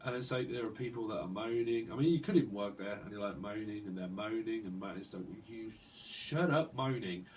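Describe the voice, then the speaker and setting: A man's voice: on the low side, fairly even intonation, fast talker, hardly any pauses, a little mellow, distant mic, a little hiss or hum, low-quality recording. A man giving a rambling psychic tarot reading, free-associating and tagging "right?" onto his lines. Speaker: tarot reader.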